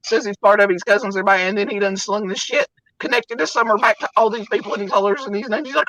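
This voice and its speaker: A woman co-hosting a livestream, talking loudly and brashly, cussing and exclaiming. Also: mid-range voice, rapid-fire, hardly any pauses, rough recording. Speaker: livestream co-host. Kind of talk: loud casual chat.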